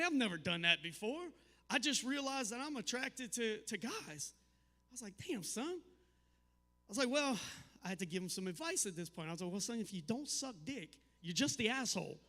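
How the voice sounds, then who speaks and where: Bright-voiced comic in a hall. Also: male voice, sits high. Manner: deadpan storytelling with crude punchlines. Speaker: stand-up comedian. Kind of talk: stand-up comedy set. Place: live comedy venue.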